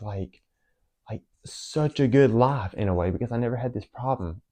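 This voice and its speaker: A man's voice: medium pitch, moderate pace, dark tone. A young man makes an emotional, rambling personal confession to the camera, full of fillers and restarts. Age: young adult. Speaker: vlogger.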